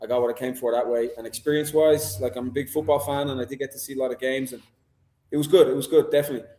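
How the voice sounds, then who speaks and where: A man's voice: mid-range voice, fairly even intonation, rapid-fire, mellow. A young man, a guest on a video-call stream, talking in a rambling, chatty, self-deprecating way. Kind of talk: casual livestream chat. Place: indoor room. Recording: echoey room over video call.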